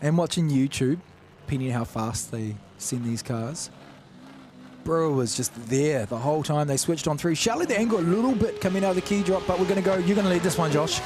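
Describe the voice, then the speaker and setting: A man giving excited live commentary on a sim-drifting final. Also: a little high, fairly quick, music in the background. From New Zealand. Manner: excitable, rising into near-shouted calls.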